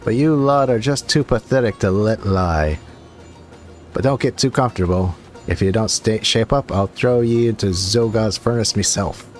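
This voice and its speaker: A man voicing a brash, scornful woman warrior who taunts in a gruff, folksy way. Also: fairly low pitch, moderate pace, darkish tone, faint music behind, natural voice. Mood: threatening.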